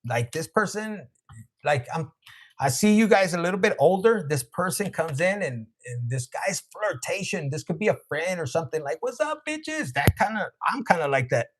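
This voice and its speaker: A man's voice: on the high side, lively intonation, moderate pace. A man giving a live tarot reading, joking and swearing, often laughing and chatting with viewers by name. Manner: profane, joking, acts out voices. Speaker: tarot reader.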